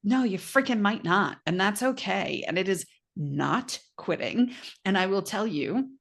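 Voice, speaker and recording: A middle-aged woman co-hosting a podcast, telling stories in a casual, animated chat, often quoting herself and laughing. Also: medium pitch, measured pace, creaky. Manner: animated storytelling with laughs and quoted asides. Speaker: podcast co-host.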